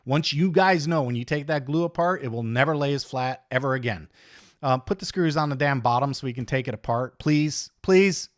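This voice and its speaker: A man's voice: a little high, fairly bright tone, no echo, studio quality. A man hosting a casual livestream, chatty and blunt, joking and ranting while he reads viewer comments. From United States. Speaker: livestream host.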